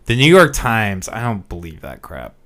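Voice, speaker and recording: A man's voice: fairly low pitch, very animated, normal speed, a bit bright. A man hosting a casual podcast, rambling and hesitant, full of fillers and swearing. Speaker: podcast host.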